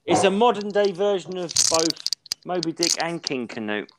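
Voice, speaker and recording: Man, 40s, podcast co-host, rambling, sweary, a touch high-pitched. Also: normal speed, very noisy. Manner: rambling, sweary, animated storytelling. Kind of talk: casual chat.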